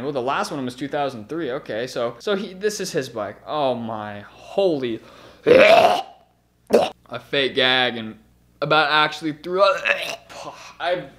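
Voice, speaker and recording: A man's voice: a little high, fairly bright tone. A young man hosting a comedic bike roast vlog, crude, brash and mocking, swearing freely as he rates viewers' bikes. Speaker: BMX channel host.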